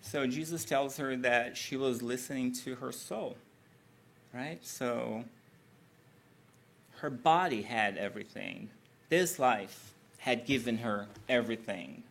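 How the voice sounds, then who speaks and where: Gravelly man retelling a scripture story. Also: medium pitch, slow pace, pauses often, fairly bright tone, slight background noise. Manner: conversational, with tag questions. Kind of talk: storytelling sermon.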